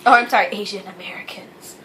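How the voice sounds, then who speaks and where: A woman's voice: mid-range voice, quick pace, pushed and bright, a little hiss or hum. A young woman co-hosting a vlog, chatting casually with wry, laughing asides. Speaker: vlog co-host. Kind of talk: casual chat.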